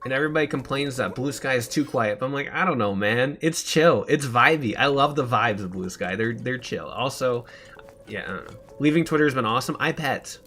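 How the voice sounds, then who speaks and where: A man's voice: medium pitch, brisk, bright, forceful tone, soft background music. A young man streaming a game, rambling in casual chat and laughing often.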